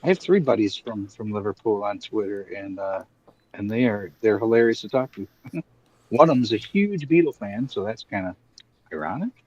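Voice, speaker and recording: Man, husky voice, wisecracking, casual chat. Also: on the low side, animated, normal speed, darkish tone, highs cut off. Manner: joking, wisecracking. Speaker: guest.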